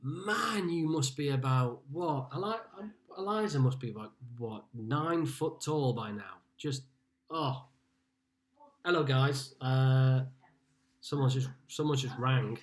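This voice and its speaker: A man's voice: mid-range voice, slow pace. A man from Liverpool hosting a casual live-streamed pub quiz from home, chatting and greeting players by name as he reads out their scores. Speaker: quiz host.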